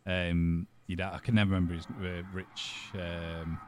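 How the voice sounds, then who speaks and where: A man's voice: deep voice, level tone, moderate pace, slight background noise. A man, a podcast co-host, chatting in a laid-back way and chuckling often. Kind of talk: casual chat.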